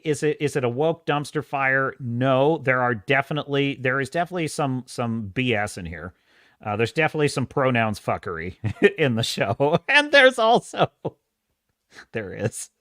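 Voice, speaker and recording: Male podcast host, lively and emphatic delivery, dry close sound. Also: mid-range voice, no echo. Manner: animated and emphatic, with frequent restarts and profanity. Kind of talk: casual pop-culture commentary.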